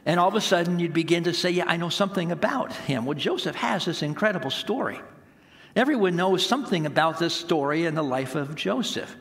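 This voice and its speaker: A man's voice: fairly high pitch, animated, a little fast, fairly bright tone. A man around sixty, a pastor preaching a sermon, telling a story with laughter. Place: church sanctuary. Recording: long hall reverb.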